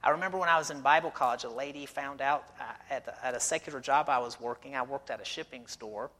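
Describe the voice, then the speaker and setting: A man's voice: medium pitch, fast talker, sharp tone, long reverb tail. A middle-aged man who is a missionary, preaching a sermon in a church and telling stories with rhetorical questions. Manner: conversational storytelling with rhetorical questions. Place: church sanctuary.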